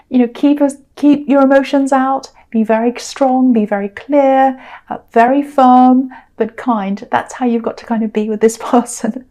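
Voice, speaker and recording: A woman with a fairly high, mellow and warm voice talks through a tarot spread. Her delivery is chatty and meandering, circling back to reassure the listener. She sounds middle-aged and unhurried. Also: steady tone. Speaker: tarot reader. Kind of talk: casual tarot reading monologue.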